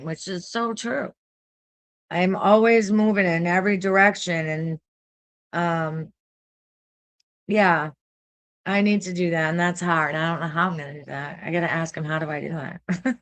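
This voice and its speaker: A woman, an artist vlogging, reading a text aloud with earnest, emotional asides and halting restarts. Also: lowish voice, fairly even intonation. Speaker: artist and content creator.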